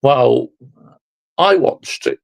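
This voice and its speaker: A man's voice: medium pitch, expressive, extremely slow, gravelly. A man ranting as a football fan vlogger, exasperated and sarcastic, swearing and repeatedly addressing his viewers.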